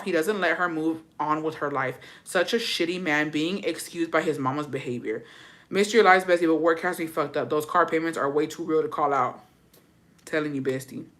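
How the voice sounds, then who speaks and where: A woman, bright-voiced, profane gossip host. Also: low-pitched. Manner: profane, animated, drops Spanish words. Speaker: host reading viewer stories. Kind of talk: casual gossip commentary.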